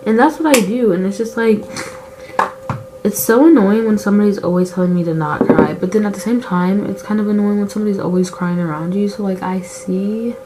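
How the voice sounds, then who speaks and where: A woman's voice: medium pitch, a little fast, very noisy. A girl in her late teens chatting casually while doing her makeup, rambling and confessional, with lots of "like" fillers. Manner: candid and emotional about her feelings. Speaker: beauty vlogger.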